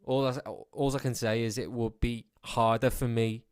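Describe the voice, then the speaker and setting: A man's voice: mid-range voice, flat delivery, normal speed, clear, resonant tone, dry recording, clean studio sound. A young man from Liverpool with a Scouse accent, a guest singer chatting easygoingly in a radio interview, rambling with fillers. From Liverpool, England.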